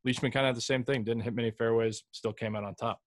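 A man's voice: medium pitch, fairly even intonation, quick pace, dry recording, studio quality. Rambling man on a golf podcast. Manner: rambling, loose, with frequent restarts and mild swearing. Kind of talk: casual chat.

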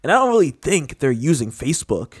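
A man's voice: on the high side, very animated, brisk, slightly rough, no room sound, clean studio sound. A man in casual chat, rambling with lots of filler words and a skeptical tone.

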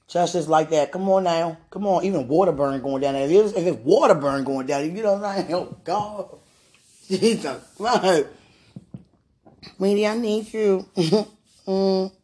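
With a warm, fairly low voice and a measured pace, a woman prays aloud and chats casually. She laughs often, repeats herself, and is dealing with heartburn and hunger.

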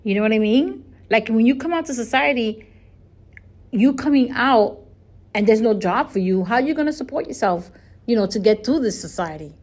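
A woman's voice: a little high, expressive, normal speed, darkish tone. A woman hosting a solo podcast, talking in a chatty, earnest way and often restarting and repeating her words. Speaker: podcast host. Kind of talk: casual solo podcast monologue.

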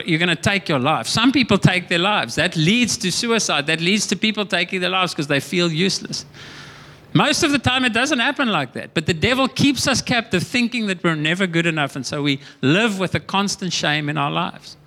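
A man's voice: high-pitched, sharp tone. A man preaching a sermon as pastor, earnest and emphatic, often repeating and restarting words.

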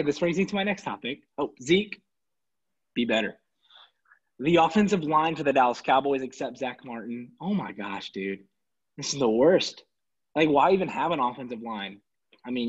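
A man ranting casually and sarcastically about his football team, exasperated and animated. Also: mid-range voice, breathy edge. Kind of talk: casual sports rant. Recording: dull lo-fi recording.

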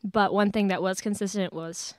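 A woman's voice: medium pitch, steady tone, normal speed, a little mellow, clear, resonant tone, dry recording. A woman in her late teens, a podcast guest, chatting casually with lots of fillers and laughs. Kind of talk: casual chat. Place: church studio.

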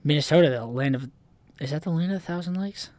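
A man's voice: fairly high pitch, fast, darkish tone, no echo. A young man in casual chat, brash and insistent, swearing a lot.

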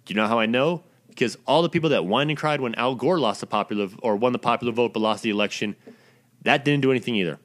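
A man's voice: medium pitch, quick pace, a bit bright. A man delivering a profane, blunt, exasperated ranting monologue as the host of his own recording.

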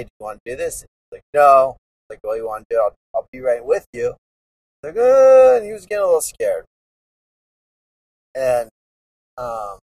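Man, thirties, podcast host, husky, earnest, rambling, distant mic. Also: medium pitch. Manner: earnest, rambling, with many restarts. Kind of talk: casual reflective monologue.

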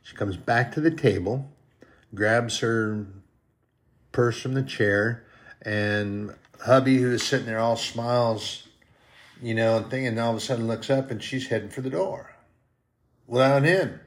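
In an unhurried, mid-range voice, a man delivers a storytelling sermon with a folksy, rambling style. Now and then he acts out short quoted voices.

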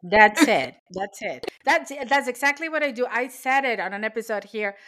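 Encouraging woman podcast host, high voice that swings widely. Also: expressive, moderate pace, noisy background. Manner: encouraging, affirming. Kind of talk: casual interview.

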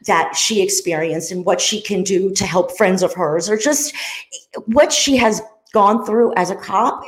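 Woman in her 50s hosting her own show, earnest and rambly, lots of side notes, roomy echo. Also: medium pitch. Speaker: show host. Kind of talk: casual monologue.

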